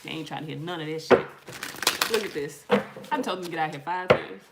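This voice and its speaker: A middle-aged woman doing a casual tarot reading, telling lively stories in slang and swearing as she talks to her viewers. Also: sits low, fairly quick, creaky, heavy background noise. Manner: animated storytelling, slangy, swears, addresses viewers as y'all. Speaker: tarot reader.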